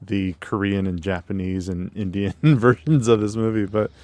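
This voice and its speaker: A man co-host in a relaxed movie chat, speaking in a lower voice. He talks in an easygoing, slightly hesitant way. The sound is dry and close. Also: moderate pace, no echo. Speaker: podcast co-host. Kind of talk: casual chat.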